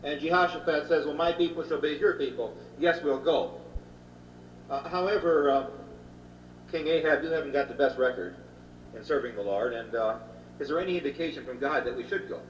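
A man's voice: a little high, a little fast. A man giving a Bible lecture, retelling scripture stories in plain everyday speech with many filler sounds. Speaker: Bible teacher. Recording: roomy, distant, dull old hall recording with faint hum.

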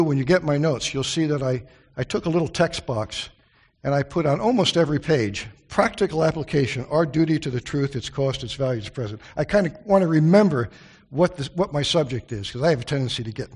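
A male preacher giving a Bible study sermon in a fairly high voice. He is earnest and plain-spoken, often stopping for friendly asides and restarting his sentences. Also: husky.

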